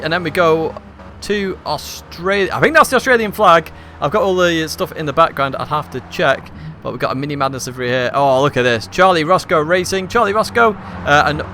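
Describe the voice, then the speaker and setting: A man's voice: on the high side, pushed and bright, a little hiss or hum. Chatty man commentating a race. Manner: chatty, upbeat, rambling with many fillers. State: slightly hoarse. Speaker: race commentator and stream host. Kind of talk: live esports race commentary. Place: hot room at home.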